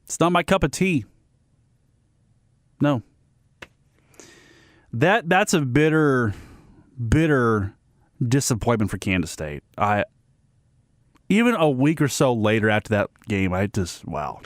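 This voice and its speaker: A man's voice: medium pitch, sing-song, slow pace, long pauses, dry recording, studio quality. Blunt ranting male sports host. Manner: blunt, ranting, repeats himself, many restarts. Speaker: sports radio segment host. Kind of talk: opinionated sports commentary.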